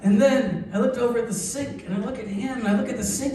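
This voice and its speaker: A man doing a stand-up comedy set, telling stories deadpan and breaking into sudden high-pitched outbursts. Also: quick pace, hardly any pauses. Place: comedy club stage. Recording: echoey live club mic from a distance, audience. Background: audience laughter.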